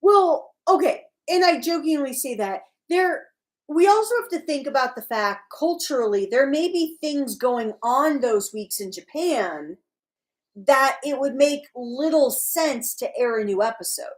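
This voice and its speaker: A woman co-hosting a casual livestream chat, animated and teasing. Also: sits high, a little slow. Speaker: livestream co-host.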